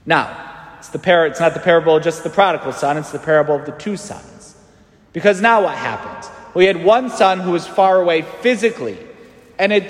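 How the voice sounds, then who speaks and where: Animated priest preaching in an echoey church. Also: male voice, sits high. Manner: animated, acts out quoted voices. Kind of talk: sermon.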